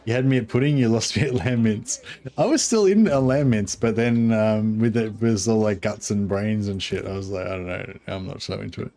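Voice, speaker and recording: An Australian male streamer chats casually on a game livestream, rambling, chuckling, and reading chat aloud. His voice is lowish and warm, moving at normal speed.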